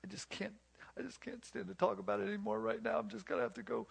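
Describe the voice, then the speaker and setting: A man's voice: high-pitched, steady tone, quick pace, creaky, husky, pitched above the performer's own voice, exaggerated voice. A man voicing a hurt, overwhelmed wife who can't go on talking, in a strained, raised voice.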